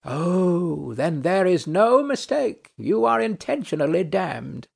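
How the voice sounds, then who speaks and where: A man's voice: sits high, very animated, takes it slowly, vocal fry, darkish tone, slightly rough, exaggerated voice. A man reading a play aloud, voicing a weary, ironic nobleman who speaks in a dry, mocking, philosophical way. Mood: dryly mocking. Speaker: audiobook narrator.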